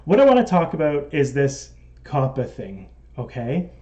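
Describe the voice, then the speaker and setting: A man's voice: a little high, wildly swooping pitch, moderate pace, warm tone, lo-fi sound. A man with a Canadian accent hosting a casual live stream, chatting and reading out viewer comments. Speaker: model railroad live-stream host.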